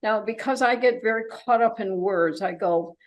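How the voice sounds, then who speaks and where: A woman's voice: mid-range voice, moderate pace, rough recording. An older woman giving an informal travel slide talk, chatty and full of fillers and restarts. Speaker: travelogue presenter.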